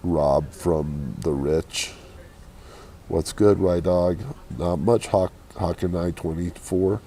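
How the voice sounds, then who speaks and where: A hungover man chatting casually with his live-stream viewers from an airport, keeping his voice quiet and low. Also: fairly even intonation, takes it slowly, slight background noise. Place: airport waiting area.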